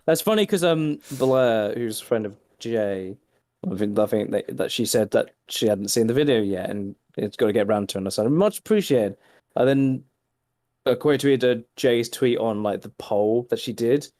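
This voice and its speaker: A man's voice: medium pitch, lively intonation, normal speed, mellow, no echo. Dry-voiced man making wry podcast quips. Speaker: podcast co-host. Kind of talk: casual chat.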